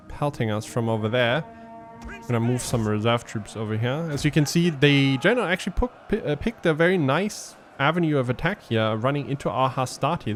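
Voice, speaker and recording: A man giving casual gameplay commentary as a let's play host, thinking aloud and explaining his tactics with frequent ums. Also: mid-range voice.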